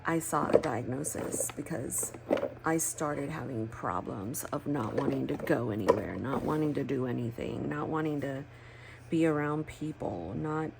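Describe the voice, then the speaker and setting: Low gravelly lady rambling about her planners, cusses a lot, bit of room hiss. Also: a little slow. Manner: candid, rambling, swears freely. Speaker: planner crafting vlogger. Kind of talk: casual chat while crafting.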